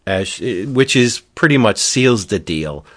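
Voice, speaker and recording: A man co-hosting a casual podcast, retelling a book's plot and briefly voicing its characters. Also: on the low side. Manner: animated retelling with quick put-on character voices. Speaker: podcast co-host.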